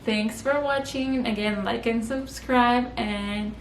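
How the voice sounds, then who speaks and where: A woman's voice: fairly high pitch, fairly even intonation, slow pace. A young woman in her twenties chatting to camera with her husband, casual and full of "like", laughing easily. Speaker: vlogger, co-host with husband. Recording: echoey room with faint noise.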